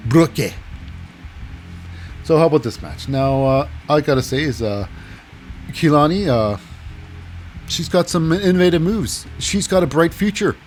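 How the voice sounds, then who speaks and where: A man's voice: on the high side, lively intonation, unhurried, pauses often, a little mellow, faint music behind. Rambling sarcastic man recapping wrestling. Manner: rambling, sarcastic, acts out quotes in silly voices. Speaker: wrestling show recap host. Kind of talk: casual solo recap commentary.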